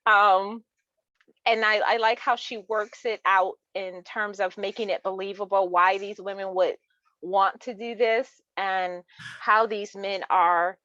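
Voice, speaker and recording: A woman's voice: mid-range voice, fairly even intonation, unhurried, bright, forceful tone, no echo. Woman author, interview guest, chatty and laugh-prone; lo-fi dull recording. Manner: chatty, laughs often, many restarts. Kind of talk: casual chat about books.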